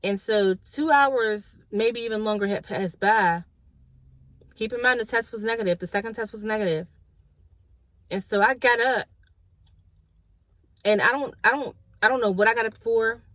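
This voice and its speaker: Here a woman vlogger with a medium-pitched voice, recorded without room sound, shares a personal storytime tale. Her delivery is animated, slangy and direct: she acts out what people said and addresses her viewers as y'all.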